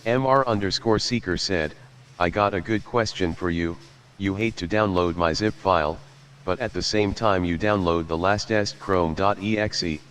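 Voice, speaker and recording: Male text-to-speech, very low, flat, even reading, faint noise. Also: moderate pace. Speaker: text-to-speech reader of donations. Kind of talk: synthetic text-to-speech readout.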